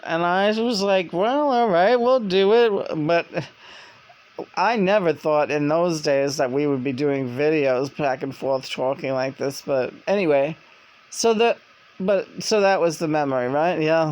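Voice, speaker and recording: A woman's voice: low voice, a little mellow. A woman vlogger and spirit medium telling stories in a casual monologue, rambling with many restarts.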